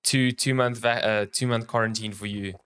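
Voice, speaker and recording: This South African man has a lowish voice and co-hosts a relaxed gaming podcast over a remote call. He talks in a loose, joking way, trailing off mid-sentence and filling gaps with "uh" and "like". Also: normal speed, clear, resonant tone. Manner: loose, joking storyteller who trails off with fillers. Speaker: podcast co-host. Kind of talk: casual podcast chat. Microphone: remote call mic.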